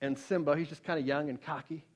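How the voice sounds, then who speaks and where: High-voiced emphatic male preacher. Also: steady tone, quick pace. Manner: swings from loud emphatic peaks to low hushed storytelling; repeats words when restarting. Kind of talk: sermon.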